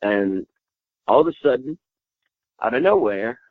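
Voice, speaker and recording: A man's voice: mid-range voice, expressive, measured pace, dry recording. A man telling a long story as a guest in a casual interview, rambling with lots of fillers and cursing freely. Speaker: wrestler guest. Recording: dull, dry lo-fi sound.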